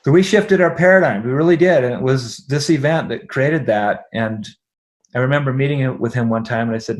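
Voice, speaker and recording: A man's voice: medium pitch, a little fast. A middle-aged man, a podcast guest, telling a personal story in conversation; he acts out the dialogue and laughs often.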